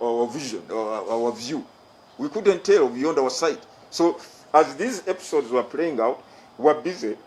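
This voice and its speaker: This middle-aged Ugandan English speaker chairs an electoral commission and delivers a formal statement at a press conference. His voice is fairly high with a darkish tone, and he stresses and repeats his key phrases. The recording is rough, with slight background noise.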